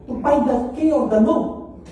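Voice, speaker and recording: A middle-aged Filipino woman pastor delivers a sermon full of humorous personal stories. Her voice is high and mellow. It sounds heavily echoey, picked up from some distance across a church hall. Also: measured pace. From Philippines. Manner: humorous, anecdotal preaching.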